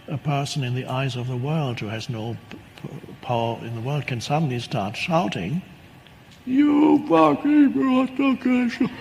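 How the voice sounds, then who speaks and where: A man giving a reflective spoken teaching talk as a spiritual teacher, unhurried and thoughtful. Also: mid-range voice, darkish tone, a little hiss or hum, low-quality recording. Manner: unhurried and reflective, acts out quoted voices.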